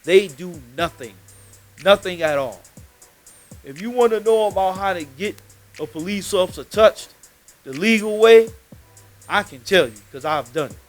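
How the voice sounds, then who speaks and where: A man, hosting a podcast and telling a story in an animated, slangy, emphatic way. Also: sits high, moderate pace, long pauses, faint music behind. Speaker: podcast host. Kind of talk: casual street storytelling.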